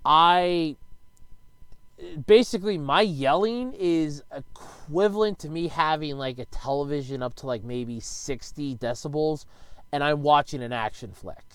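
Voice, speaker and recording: A man casually rambling in a home video, swearing freely and now and then bursting out loud, speaking close to a desk microphone in his bedroom. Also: fairly high pitch, unhurried, smooth, no echo. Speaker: YouTuber answering viewer questions.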